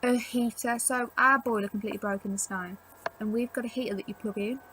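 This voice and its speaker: A woman's voice: a little high, fairly even intonation, a little fast, sharp tone, slight background noise, rough recording. A young woman chatting casually to camera at home, rambling with lots of "like" as she gives tips. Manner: rambling, chatty, filler-heavy with frequent "like". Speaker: vlogger. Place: at home indoors.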